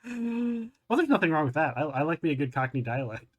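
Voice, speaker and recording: A man hosting a casual podcast interview, easygoing and quick to laugh, often restarting his sentences. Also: a little high, very animated. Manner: easygoing, laughs a lot, stumbles over words. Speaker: podcast host.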